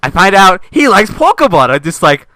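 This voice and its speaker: A young man hosting a casual chat, telling stories in an animated, laughing way. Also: high voice, normal speed, no echo. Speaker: channel host.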